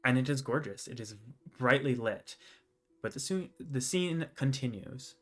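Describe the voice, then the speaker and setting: Dungeon master narration, measured, descriptive, mid-pitch male voice. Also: expressive. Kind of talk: narrating a tabletop game.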